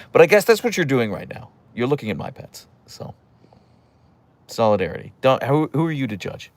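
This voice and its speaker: A man's voice: fairly low pitch, gravelly. A young man from the Pittsburgh area hosting a casual livestream, reading out chat messages and answering with teasing, dry jokes. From Pittsburgh area, USA.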